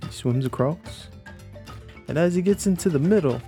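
A man playing a tabletop game, telling a campfire fable in an animated, playful way. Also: a little high, moderate pace, soft background music. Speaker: player.

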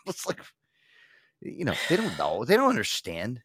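A man's voice: mid-range voice, a little fast, slightly rough, dry recording, clean studio sound. A man in his thirties, a podcast host, telling stories in casual chat with lots of swearing. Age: 30s. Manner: profane, animated storytelling.

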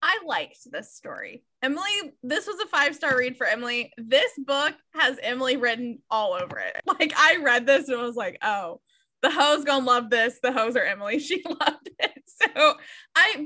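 Young woman on a podcast, high bright voice, laughs a lot and swears, super candid book chat. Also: sing-song, normal speed. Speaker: podcast co-host.

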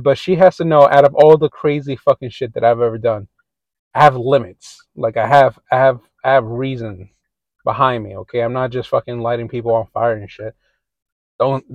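A man's voice: mid-range voice, dry recording, muffled recording. A man hosting a casual podcast monologue, telling a story in a rambling, profane way. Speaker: podcast host.

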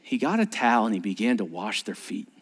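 A man's voice: lowish voice, big pitch swings, fairly quick. A man preaching a sermon as a pastor, talking conversationally, asking rhetorical questions and acting out quoted speech. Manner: acts out quoted speech in varied voices.

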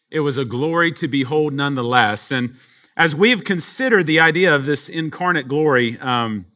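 A man's voice: on the high side, pushed and bright. A man from Texas, a pastor, telling a story in a sermon, chatty with many fillers.

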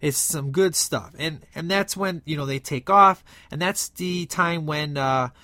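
Male film fan, slightly high voice, rambling casual recap, dry close mic. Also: a little slow, pushed and bright, dry recording. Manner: enthusiastic, rambling, frequent fillers. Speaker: film reviewer.

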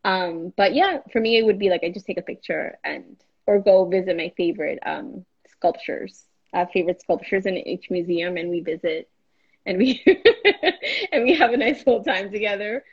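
A woman's voice: medium pitch, normal speed, slightly rough, muffled recording. A woman with a Miami accent, a photographer guest in a casual live interview, talking animatedly and acting out quotes. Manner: animated, laughing often, acts out quotes.

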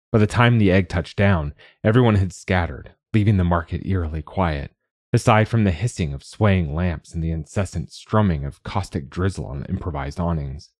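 A man narrating a novel in the first person with measured, steady delivery. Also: sits low, slightly rough, dry recording, studio quality. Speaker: audiobook narrator.

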